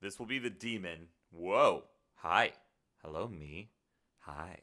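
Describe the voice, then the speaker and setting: A man's voice: deep voice, expressive, slow pace, sharp tone. A man streaming live in casual chat, rambling in a playful, self-deprecating way.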